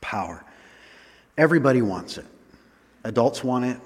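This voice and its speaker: A man preaching a sermon. He reads scripture slowly, then explains it in a relaxed, chatty way with small laughs. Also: medium pitch, in a large hall.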